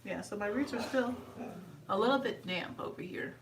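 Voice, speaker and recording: In a casual hair tutorial chat, a woman vlogger talks along at normal speed as she does her hair, putting on a high, sweet voice for her dog. She is far from the mic, and the background is noisy.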